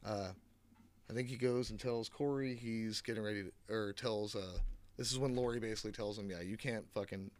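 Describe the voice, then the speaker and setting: A man's voice: on the low side, steady tone, a little fast. A man giving a casual, rambling movie recap, swearing often, sarcastic and full of fillers, on a close mic. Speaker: movie reviewer.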